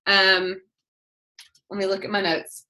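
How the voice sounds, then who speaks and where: A woman leading a team training call, talking fast in a chatty way and often breaking off mid-sentence. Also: mid-range voice, monotone, pushed and bright. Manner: fast, chatty, self-interrupting. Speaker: network marketing team leader.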